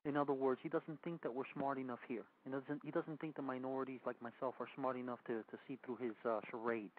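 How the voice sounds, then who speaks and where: A man's voice: medium pitch, fairly even intonation, fast. A man from Cuba with a New York accent, hosting political talk radio. He speaks emphatically and often repeats himself. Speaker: radio host. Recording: tinny phone-like radio audio.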